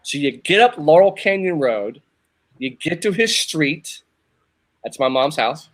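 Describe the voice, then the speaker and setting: A show host in his fifties from Northern Virginia tells a long personal story in casual conversation. His voice is a little high and sing-song, moving at a measured pace. He rambles, repeats himself, and keeps restarting his sentences.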